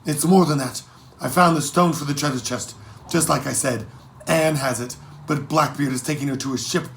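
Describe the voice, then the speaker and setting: A man's voice: medium pitch, moderate pace, creaky, a bit bright, slight background noise. A man voicing an earnest young pirate boy who speaks urgently and pleadingly in a storybook reading.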